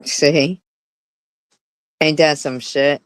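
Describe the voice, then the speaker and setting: A woman's voice: low-pitched, steady tone, extremely slow, clear, resonant tone, no room sound. A woman giving blunt, sarcastic commentary on a live stream, swearing often.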